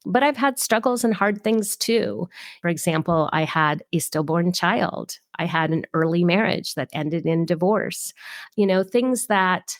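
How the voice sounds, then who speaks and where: A woman's voice: fairly low pitch, lively intonation, a little slow, no room sound, studio quality. Upbeat woman hosting a solo podcast. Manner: upbeat, chatty and personal. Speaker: podcast host.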